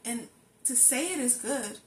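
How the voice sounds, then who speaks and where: A woman's voice: fairly high pitch, animated, a little slow. A young adult woman vlogging, talking earnestly and affirming herself, repeating phrases for emphasis. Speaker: lifestyle vlogger. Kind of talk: personal reflective monologue. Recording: echoey room with faint ambient noise.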